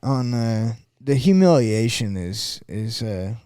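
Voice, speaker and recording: A man's voice: mid-range voice, expressive, slow pace, dark tone, clean tone, no room sound, clean studio sound. A young man co-hosting a podcast in casual chat, stumbling and restarting his sentences often. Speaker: podcast co-host.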